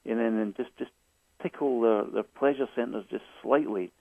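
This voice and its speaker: A man's voice: medium pitch, moderate pace, gravelly, no echo. A man, a guest author, telling stories in a hesitant way, repeating and restarting his words often. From Scotland. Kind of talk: phone interview storytelling. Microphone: phone. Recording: tinny phone line.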